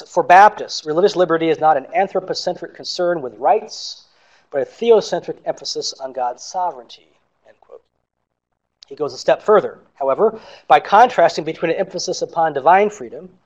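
A man reads an academic conference paper aloud in a measured, careful way, marking each quotation as he goes. His voice sits a little high for a man. The recording is dull and lo-fi. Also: a little mellow. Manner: measured reading with quotes marked aloud. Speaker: scholar presenting a conference paper.

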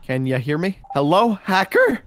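Lively, surprised young man on a call. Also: sits high, moderate pace. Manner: surprised, laughing, good-natured. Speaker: friend and fellow gamer. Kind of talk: casual voice-call chat.

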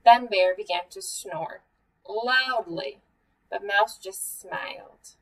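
A woman hosting a children's story time, reading a picture book aloud in a gentle, measured way. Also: medium pitch. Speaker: museum story time host. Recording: voice a bit far from the mic.

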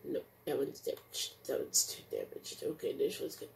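Excitable woman yelling over gameplay. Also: very deep voice, moderate pace, gravelly, slight background noise. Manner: excitable, yelling taunts and squeals. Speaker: gaming streamer. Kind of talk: casual gameplay commentary.

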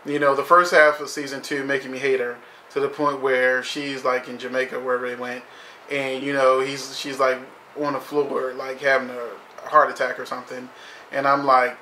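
A man's voice: medium pitch, sharp tone, roomy sound, a little hiss or hum. A man reviewing a TV episode in casual commentary, blunt and profane, saying "you know" constantly.

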